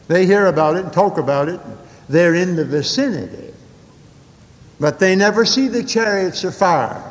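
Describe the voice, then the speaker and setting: Older preacher with a raised voice, echoing hall. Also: male voice. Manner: folksy storytelling with dramatic swings in pitch and pace. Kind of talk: sermon.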